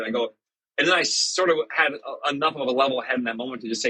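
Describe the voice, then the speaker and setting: Husky, bright-toned man. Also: a little high, fast talker, rough recording. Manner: conversational, self-deprecating storytelling with many fillers. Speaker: church podcast host. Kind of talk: casual reflective monologue.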